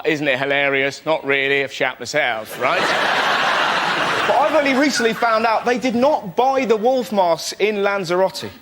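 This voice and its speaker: An English man performing a fast, animated stand-up comedy routine on a panel show, building to shouted punchlines. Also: fairly high pitch, slight background noise.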